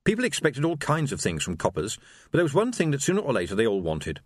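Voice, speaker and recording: A man narrating an audiobook in an expressive, wry storytelling voice. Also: mid-range voice, fast, slightly rough, no room sound, studio quality. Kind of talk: scripted narration.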